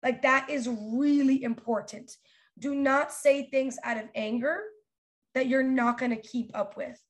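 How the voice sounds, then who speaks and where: A young woman hosting a podcast, giving casual, animated advice with many fillers and restarts. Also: high-pitched, unhurried. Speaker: podcast host.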